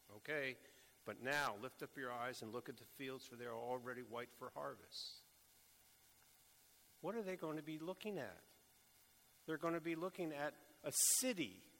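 A man preaching a sermon, speaking slowly and deliberately with bursts of urgent emphasis. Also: medium pitch, sharp tone. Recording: echoey hall with long reverb.

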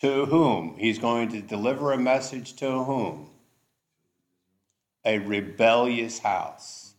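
Slow-talking man teaching Bible study. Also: mid-range voice, lively intonation. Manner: slow, deliberate, checks in with "okay?".

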